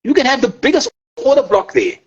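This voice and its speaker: A man's voice: very high voice, wildly swooping pitch, fairly quick, slightly rough, muffled recording. A man explaining trading in a casual interview, emphatic, swearing and checking in with the listener. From South Africa. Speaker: forex trader.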